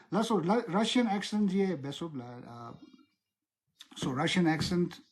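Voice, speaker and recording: A man chatting casually, hesitant with frequent fillers and throat clearing. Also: high-pitched, animated, unhurried, a little mellow. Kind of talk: casual chat.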